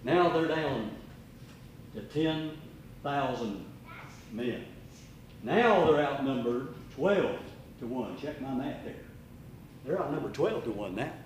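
An older man preaching a sermon, telling a story with dramatic swings between loud and hushed. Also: medium pitch, lively intonation, slow pace, pauses often, a little hiss or hum. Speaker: pastor. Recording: echoey room.

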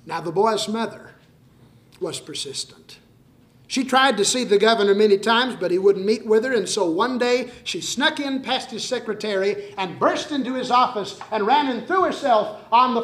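A male preacher delivering a dramatic sermon, moving between urgent warnings and hushed storytelling. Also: high voice. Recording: roomy echoing hall.

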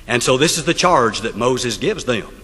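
A man's voice: mid-range voice, lively intonation, moderate pace, pushed and bright, breathy edge. A man preaching a sermon, telling the story dramatically and putting rhetorical questions to the congregation. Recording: long hall reverb.

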